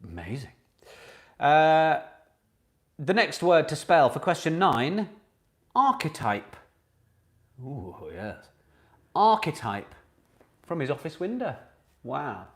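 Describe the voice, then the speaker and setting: A man's voice: on the high side, very animated, takes it slowly, pauses often, a bit bright. A man hosting a live online pub quiz, chatting with viewers and reading out each question twice. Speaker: quiz host.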